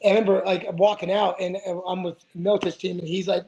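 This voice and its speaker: Man, forties, high voice, rambling, profane, podcast guest storytelling. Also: little pitch movement, brisk, gravelly, few pauses, warm tone, dull audio. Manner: profane, rambling, many restarts. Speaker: guest, retired fighter. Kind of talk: casual storytelling interview.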